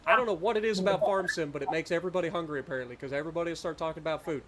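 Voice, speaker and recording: A man's voice: on the high side, racing, background noise. Chatty male game streamer. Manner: chatty, self-deprecating storyteller. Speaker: streamer host. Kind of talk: casual chat while streaming a farming game.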